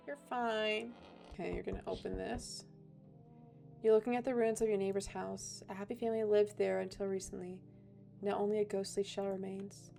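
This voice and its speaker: A woman streamer playing through a game, reacting offhandedly and reading its text aloud. Her voice is dark and mellow, with gravelly fry at the ends of phrases. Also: medium pitch. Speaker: gaming streamer. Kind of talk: game playthrough commentary.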